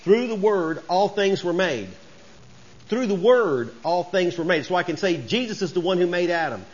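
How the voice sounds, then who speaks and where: A man's voice: high voice, expressive, normal speed, highs cut off. A man preaching a sermon as pastor, folksy and conversational, rising to emphatic bursts.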